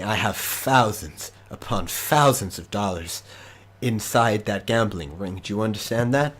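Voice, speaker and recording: A man's voice: fairly low pitch, slightly rough. A man voicing a greedy, scheming male crime boss who swears and rants about lost money. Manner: angry then pleading, swearing.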